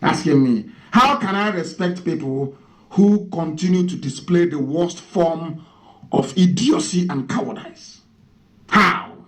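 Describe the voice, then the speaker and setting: A man's voice: fairly high pitch, rough recording. A Nigerian man giving an impassioned radio address, firing off mocking rhetorical questions. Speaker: radio broadcaster.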